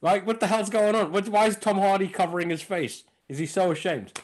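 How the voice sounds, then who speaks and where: Animated storytelling comedian, slightly high voice. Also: male voice, a little fast, slight background noise. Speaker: stand-up comedian, podcast guest. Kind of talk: casual podcast chat.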